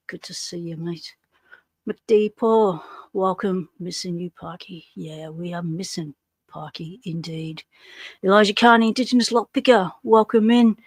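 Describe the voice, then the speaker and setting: An Australian woman hosts a relaxed livestream and talks in an unhurried, drawn-out way. She greets chat viewers one by one with easygoing slang. Her voice sits close and dry on the microphone. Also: fairly low pitch, no echo. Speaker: livestream host.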